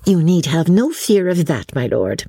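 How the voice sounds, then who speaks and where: A woman voicing an eager young barmaid at an inn, speaking brightly. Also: on the low side, very animated, unhurried, slightly rough, no room sound, studio quality, voice pushed up, exaggerated voice.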